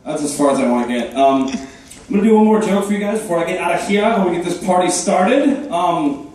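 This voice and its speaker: Deadpan man doing stand-up in a roomy club. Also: high voice, far from the mic, a little hiss or hum. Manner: deadpan, self-deprecating, quick asides. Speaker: stand-up comedian and host. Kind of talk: stand-up comedy set. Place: comedy club stage before a live crowd. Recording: echoey room, voice from afar.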